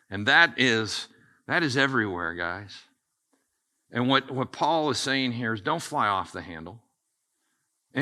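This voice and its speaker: A middle-aged man preaching a sermon as pastor, in a conversational, animated way that speaks straight to the congregation. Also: medium pitch. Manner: conversational, animated, addresses listeners as guys.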